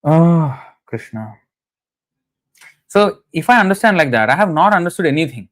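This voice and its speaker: A man's voice: fairly high pitch, very animated, moderate pace, pauses often. A man giving a conversational scripture lecture, telling anecdotes in a chatty way with frequent "you know"s. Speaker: scripture class speaker.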